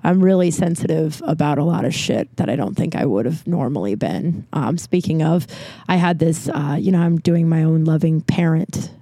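A woman in her forties hosting a podcast, telling stories in a chatty, profane way while hoarse from losing her voice. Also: deep voice, moderate pace, warm tone, dry recording. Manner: chatty and profane, acts out quoted people. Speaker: podcast host. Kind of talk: casual storytelling monologue.

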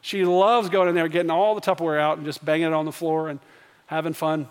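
A man's voice: a little high, level tone, fast talker, smooth. A man in his thirties preaching a sermon as pastor, telling family stories in a conversational way and building to emphatic questions. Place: church sanctuary. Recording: long church reverb.

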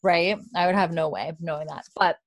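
A woman's voice: on the low side, fairly even intonation, fairly quick, no echo. A woman co-hosting a podcast, recapping a TV episode in a chatty way full of fillers. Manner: chatty, lots of likes, swears casually. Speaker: podcast co-host.

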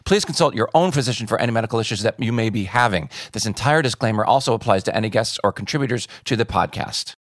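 A man's voice: lowish voice, fast talker, hardly any pauses, no echo, clean studio sound. A man co-hosting a comedy health podcast, reading a disclaimer and an ad and joking with his co-host. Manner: lively, joking. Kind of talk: podcast disclaimer, ad read and banter.

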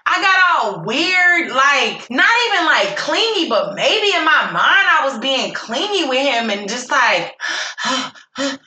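Animated high-voiced woman, candid and profane. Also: slow pace. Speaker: podcast co-host. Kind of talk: casual chat. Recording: echoey room with faint noise.

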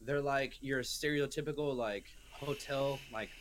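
A young man chatting casually on a podcast, rambling from one story to the next and throwing on voices when he quotes himself. His pitch sits right in the middle for a man. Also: fairly even intonation, unhurried, a little hiss or hum. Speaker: podcast co-host. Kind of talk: casual chat.

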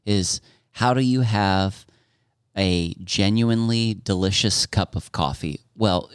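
Man, podcast guest, very deep voice, halting, dry close sound. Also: smooth, no echo. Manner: halting, many restarts and fillers. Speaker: coffee company founder, podcast guest. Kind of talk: casual chat.

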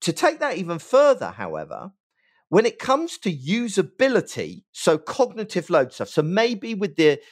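Middle-aged man, West Country English accent, upbeat expert guest, very expressive intonation. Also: high voice, moderate pace. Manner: animated, emphatic, peppers speech with "right?". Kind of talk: conversational interview.

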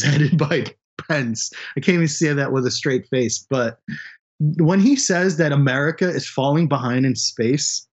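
A man's voice: a little high, highs cut off. A man working as a space journalist, talking bluntly and candidly in a casual podcast conversation.

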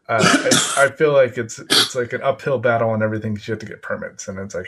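A man hosting a casual interview, conversational and animated, often stammering as he starts his sentences. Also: medium pitch, fairly quick, hardly any pauses.

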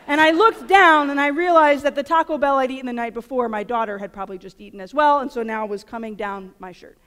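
Catholic speaker, woman, 30s, high voice, lively self-deprecating storyteller, reverberant auditorium sound. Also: fast, clean tone. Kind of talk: storytelling conference talk. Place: large auditorium. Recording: long hall reverb in an auditorium.

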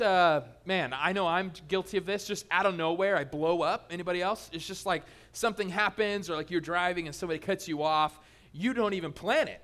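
Lively joking male pastor preaching. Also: high-pitched. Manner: lively and joking, teasing the congregation. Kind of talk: sermon.

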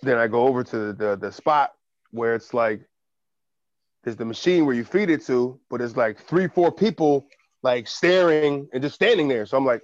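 A man's voice: medium pitch, a little fast, no room sound. Muffled man telling a story, cursing. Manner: animated storytelling with profanity. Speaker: podcast co-host. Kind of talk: casual chat.

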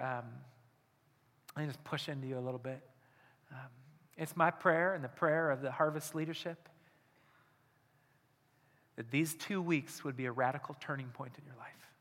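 Male pastor, high bright voice, sermon delivery swinging between hushed and urgent, long church-hall reverb. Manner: swings from hushed intimate asides to loud urgent appeals.

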